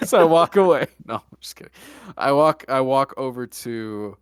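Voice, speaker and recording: A man's voice: mid-range voice, normal speed, smooth, no room sound. Dry-voiced young man telling a story. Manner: deadpan jokey storytelling with mock-serious asides. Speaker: podcast host. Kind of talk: casual storytelling chat.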